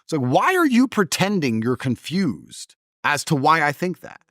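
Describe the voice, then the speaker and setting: A man's voice: normal speed, no room sound, clean studio sound. A man in his thirties, an interview guest arguing emphatically in a heated conversation, with a mocking edge. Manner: emphatic, mocking, lively pitch swings.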